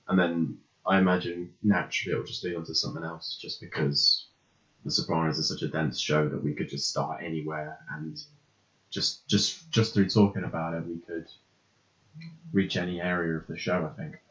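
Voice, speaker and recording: A man's voice: low-pitched, normal speed. A man co-hosting a podcast in casual chat, rambling and hesitant with frequent ums. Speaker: podcast co-host. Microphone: podcast microphone. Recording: roomy, slightly dull lo-fi sound.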